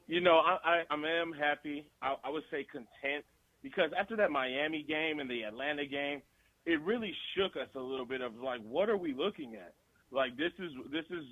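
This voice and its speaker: A man's voice: fairly high pitch, no room sound, narrow, tinny audio. A male guest actor in a casual radio interview, talking loosely and animatedly with frequent laughs.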